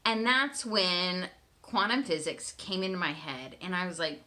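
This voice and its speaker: A woman telling her partner a personal story in a candid, animated way, swearing freely and often checking in with "right?". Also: lowish voice, a little slow. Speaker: manifestation coach.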